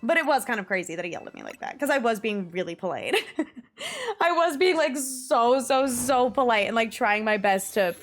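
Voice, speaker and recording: A woman's voice: on the high side, big pitch swings, brisk, few pauses, faint music behind. A young woman from the New area, chatting casually to her stream viewers, swearing freely and laughing often. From New York / New Jersey area. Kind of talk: casual chat to viewers while gaming.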